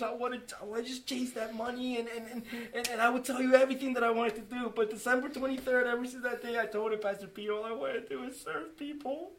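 The voice is very high and a bit bright, belonging to a man giving a church group his heartfelt testimony. He restarts often, speaks with emotion and sincerity, and voices both his own lines and other people's remarks as quoted dialogue.

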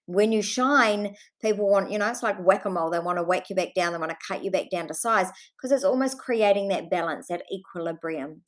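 A woman with a New Zealand accent talks straight to her podcast listeners in a solo monologue. She speaks with earnest passion, drops the odd swear word, and addresses her audience with affection. Her pitch sits in an ordinary middle range for a woman. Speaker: podcast host.

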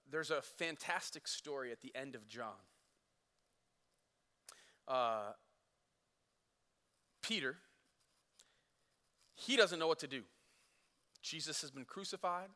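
A man preaching a sermon, telling a story casually and acting out the quotes, swinging from loud to hushed. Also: a little high, big-room sound. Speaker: pastor.

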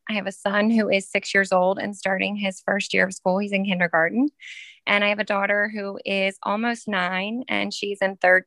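A woman's voice: mid-range voice, pushed and bright, no echo. A woman in her thirties, a schoolteacher guest, telling a story in a chatty way full of fillers. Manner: chatty, many fillers, laughs while telling. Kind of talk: casual storytelling.

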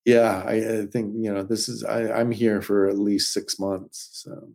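A man's voice: fairly low pitch, measured pace, vocal fry. Middle-aged man telling stunt stories. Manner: animated anecdotes with quoted voices. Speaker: stuntman guest. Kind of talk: casual interview storytelling.

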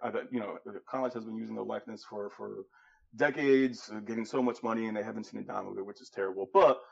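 A man's voice: fairly low pitch, fairly even intonation, fast talker, creaky. A man co-hosting a casual sports podcast, speaking hesitantly with many fillers and trailing asides, on a dull lo-fi recording. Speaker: podcast co-host. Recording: dull lo-fi sound.

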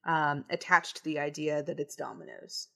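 A woman's voice: low-pitched, moderate pace, gravelly, fairly bright tone. A woman on a podcast, talking thoughtfully and a bit hesitantly in a casual chat.

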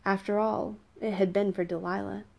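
A woman narrating a novel in an even storytelling manner. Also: medium pitch, normal speed, vocal fry. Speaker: audiobook narrator. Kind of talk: scripted narration.

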